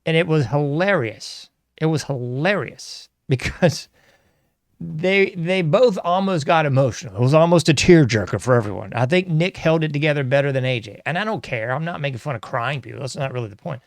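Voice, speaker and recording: A man's voice: a little high, animated, fairly quick, no echo, clean studio sound. A man hosting his own show, rambling and sarcastic, laughing often as he talks. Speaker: podcast host. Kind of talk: casual solo commentary.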